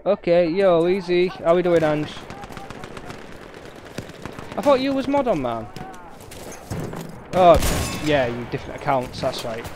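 A man's voice: on the high side, big pitch swings, slow pace, long pauses, background noise. A young man with a Yorkshire accent streaming a game, chatting easily with his viewers as he plays. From Yorkshire, England. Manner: chatty, easygoing, talks to chat while playing. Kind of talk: casual live gameplay commentary. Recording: game gunfire loud behind the voice.

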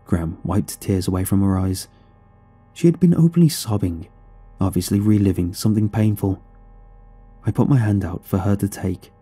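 Dark husky male horror narrator. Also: fairly low pitch. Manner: somber, measured storytelling.

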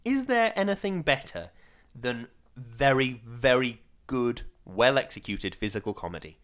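A man co-hosting a podcast, chatting casually about a film, animated and quick to laugh. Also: mid-range voice. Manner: animated, laughs often, loose rambling. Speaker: podcast co-host.

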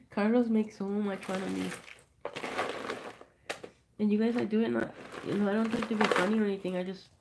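A woman's voice: medium pitch, fairly even intonation, brisk, pauses often, background noise. A woman chatting casually while she shows and prices jewelry on a live sale stream. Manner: chatty, rambling, showing items up close. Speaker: online jewelry seller.

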